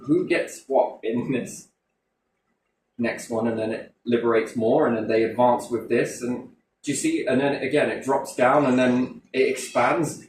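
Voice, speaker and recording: A man rants loosely in casual chat, peppering his talk with swearing and rhetorical questions. His mid-range voice sits at a plain, ordinary pitch. He is recorded from a distance in an echoey room. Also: a little mellow, a little hiss or hum. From Britain. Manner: swears heavily, rambling, full of rhetorical questions. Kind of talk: casual conversational rant. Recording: roomy echo from a distant mic.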